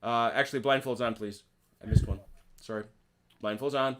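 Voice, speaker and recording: A man's voice: mid-range voice, steady tone, normal speed, slight background noise. A man running an online naval wargame as umpire, chatting casually in a folksy, playful way with jokey exclamations. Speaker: game umpire.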